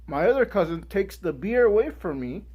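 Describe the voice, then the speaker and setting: A young man giving a guest speech, telling a personal story in an animated way and acting out the people in it. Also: high voice, moderate pace, breathy edge, muffled recording. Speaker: guest speaker.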